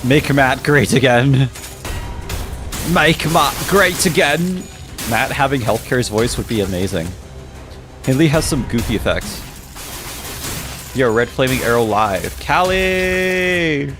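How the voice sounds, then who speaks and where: A man's voice: mid-range voice, moderate pace, long pauses. A young man streaming a game, reading chat aloud and joking around, laughing often. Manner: playful, jokey, laughs often. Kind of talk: casual live-stream commentary, reading chat. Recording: game music playing loudly behind.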